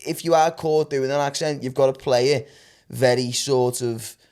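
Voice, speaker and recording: A man's voice: medium pitch, fairly even intonation, moderate pace, darkish tone. A young man with a Scouse accent chatting on a comedy podcast, rambling with frequent restarts and laughter. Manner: rambling, stammering restarts, laughs through his words. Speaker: podcast co-host. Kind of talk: casual comedy podcast chat.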